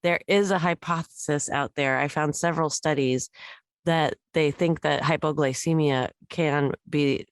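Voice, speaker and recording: A woman's voice: low voice, steady tone, measured pace, dry recording. A middle-aged woman co-hosting a podcast in casual chat, rambling and candid with many fillers. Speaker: podcast co-host.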